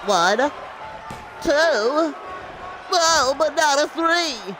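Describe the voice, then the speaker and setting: A man voicing an excited male wrestling ring announcer, shouting play-by-play and counting pins. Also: high-pitched, normal speed, vocal fry, pitched above the performer's own voice. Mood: hyped. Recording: game crowd and noise behind. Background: arena crowd from the video game.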